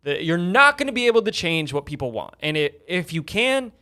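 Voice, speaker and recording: Young dude cohosting a podcast, hyped and emphatic, keeps saying okay, kinda high voice. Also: male voice, brisk. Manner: energetic, emphatic, peppers talk with "okay?". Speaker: podcast co-host. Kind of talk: casual business podcast chat.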